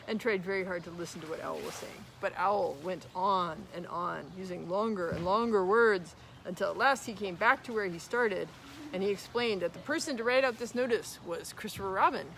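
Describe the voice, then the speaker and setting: A woman as guest storyteller, reading a children's story aloud in an animated way, with chatty asides. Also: mid-range voice, moderate pace, gravelly, slight background noise. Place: at home with her son near a swing.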